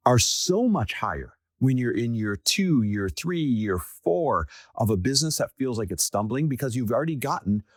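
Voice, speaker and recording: A man's voice: medium pitch, big pitch swings, normal speed, hardly any pauses, dry recording, clean studio sound. A middle-aged man hosting a podcast, giving a motivational business talk and repeating key phrases for emphasis. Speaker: podcast host.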